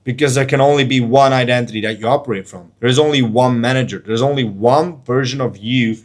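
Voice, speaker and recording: Male coach, mid-pitched, fired-up and preachy, blunt and slangy. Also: brisk. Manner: intense, preachy, blunt with casual slang and swearing. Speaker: life and trading coach. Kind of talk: motivational monologue to camera.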